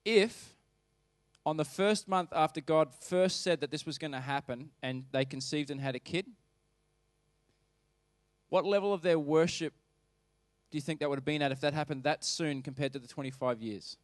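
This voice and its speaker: A man's voice: on the high side, normal speed, dry recording. A man preaching a sermon as pastor, talking conversationally and emphatically and putting questions to the congregation.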